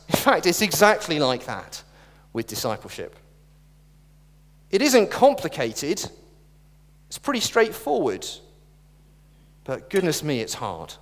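Middle-aged man preaching, high and very animated voice, earnest with dry humour, long church reverb. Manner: earnest, with wry asides and jokes. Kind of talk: sermon.

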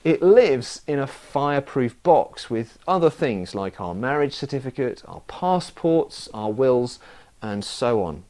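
A man's voice: mid-range voice, expressive, a little slow, a little mellow. A man preaching a sermon, telling stories with self-mocking humour.

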